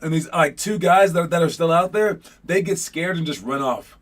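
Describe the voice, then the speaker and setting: A young man coaching young basketball players in a casual pep talk, rambling with lots of fillers and getting animated as he retells scenes. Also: on the high side, brisk, hardly any pauses.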